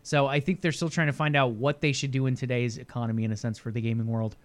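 A man's voice: mid-range voice, level tone, fast. A man co-hosting a casual gaming news stream, chatty and laughing easily with filler words. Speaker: podcast co-host.

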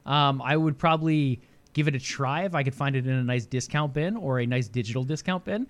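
A young man co-hosting a casual gaming podcast, chatty and speculative, thinking out loud. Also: medium pitch, a little fast. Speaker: podcast co-host.

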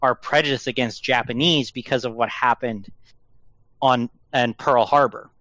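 A man's voice: mid-range voice, fairly even intonation, normal speed, sharp tone, slight background noise. A man hosting a casual podcast, rambling through a story with fillers and restarts. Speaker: podcast host.

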